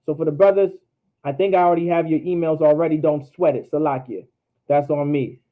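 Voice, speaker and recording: A man with a fairly high voice teaches an online class, talking casually and drilling each letter sound again and again. The sound is narrow and tinny, like a phone line. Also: steady tone, fairly quick.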